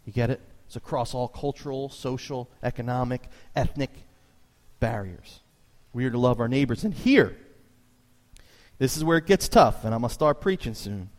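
A man preaches to his congregation, telling stories and driving his points home with sudden high bursts of emphasis. His voice carries a long reverb, as if recorded in a church hall. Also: moderate pace. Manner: animated storytelling preacher, voice jumps high for emphasis. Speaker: pastor. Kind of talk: sermon.

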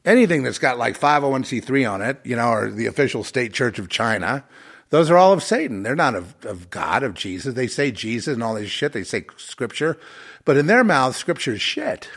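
A man's voice: medium pitch, very animated, brisk, fairly bright tone. A man hosting his own podcast, delivering an angry, profane and sarcastic solo rant. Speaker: podcast host.

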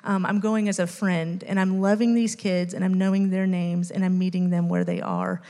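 A woman's voice: on the low side, flat delivery, normal speed, mellow, big-room sound. A woman in her late thirties giving an earnest church testimony with many ums. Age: late 30s. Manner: earnest, many ums, emotional toward the end. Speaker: youth ministry volunteer sharing a testimony.

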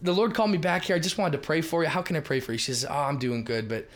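A middle-aged man from Minnesota speaks as a podcast guest. His voice sits a little high, and he tells stories with lively emphasis and sudden bursts of loudness. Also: rapid-fire. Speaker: guest telling ministry stories. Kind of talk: animated storytelling in a podcast chat.

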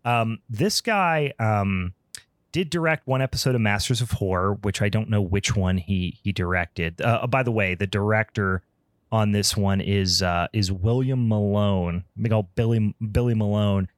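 A man's voice: on the low side, measured pace, no room sound, studio quality. A man hosting a podcast in casual chat, rambling and profane with frequent ums. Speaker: podcast host.

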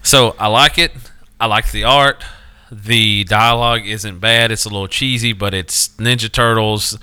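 A man's voice: fairly low pitch, fairly even intonation, measured pace, sharp tone, smooth. A man co-hosting a casual comic podcast, making dry joking asides. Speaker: podcast co-host. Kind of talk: casual chat.

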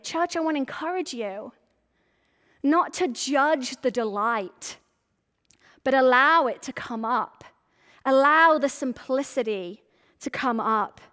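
A woman's voice: high voice, expressive, slow, long pauses, fairly bright tone, in a large hall. A woman pastor preaching a sermon in a church, talking casually and acting out little quoted asides. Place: church sanctuary.

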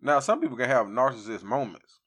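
A man's voice: medium pitch, expressive, brisk, fairly bright tone, slightly rough. A man co-hosting a podcast in casual chat, teasing, with short interjections. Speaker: podcast co-host.

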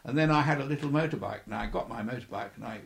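A man's voice: medium pitch, racing, vocal fry. An older man, a former air force pilot, telling chuckling anecdotes in an interview and acting out the voices of the people in his stories. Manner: chuckling storyteller who acts out quoted voices. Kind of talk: anecdotal reminiscing.

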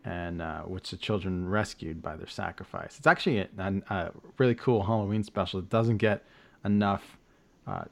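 A man's voice: low voice, normal speed, vocal fry. A man hosting a podcast, casually recapping with lots of fillers, restarts and joking asides. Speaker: podcast host. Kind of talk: casual chat.

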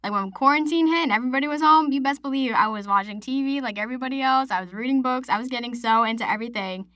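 A woman's voice: high voice, fast talker, a bit bright, no room sound. Chatty young woman podcaster, dry sound. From Massachusetts. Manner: chatty, rambling, lots of "like". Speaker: podcast host. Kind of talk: casual solo podcast chat.

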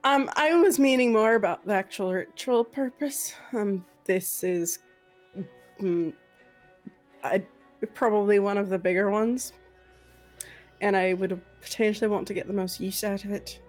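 Brief: woman role-play player, halting and stammering, mid pitch. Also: a little mellow, faint music behind. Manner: hesitant, stammering. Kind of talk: in-character tabletop role-play.

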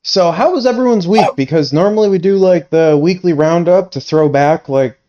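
A man's voice: a little high, normal speed, warm tone, highs cut off. A man co-hosting a podcast in casual chat, laid-back and steering the talk to the next topic. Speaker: podcast co-host.

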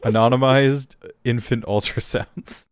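A man co-hosting a casual podcast recap, deadpan with crude jokes. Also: medium pitch, unhurried, smooth, no room sound, clean studio sound. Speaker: podcast co-host.

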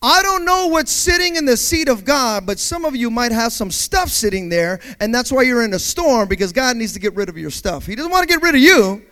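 This male preacher has a strikingly high voice that swings from soaring peaks down to low, quiet asides, and he talks briskly with hardly any pauses. Telling a personal story in his sermon, he questions the congregation directly and acts out moments with vocal sound effects. The whole delivery stays animated and theatrical.

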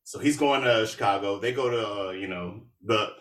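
A man hosting a podcast, recapping a movie in a casual, animated and sarcastic way. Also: lowish voice, normal speed, echoey room, recorded from a distance. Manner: animated, sarcastic, with laughs and asides. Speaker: podcast host.

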